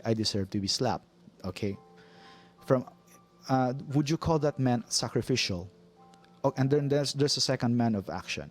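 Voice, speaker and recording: Earnest Filipino man reviewing a film. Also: medium pitch. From Philippines. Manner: earnest, repeats himself, frequent restarts. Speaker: movie reviewer. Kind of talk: opinionated commentary monologue.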